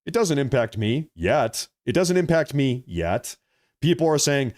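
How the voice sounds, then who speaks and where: A young man hosting a live political stream, ranting in a heated, combative way with profanity, his voice swinging between loud outbursts and low muttering. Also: lively intonation, normal speed. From United States. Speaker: political livestream host.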